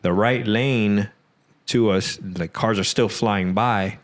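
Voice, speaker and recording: Male podcast guest, low voice, loose rambling storyteller, lots of fillers. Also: fairly even intonation, takes it slowly. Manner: rambling, many "like" fillers, acts out quotes. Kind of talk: casual storytelling.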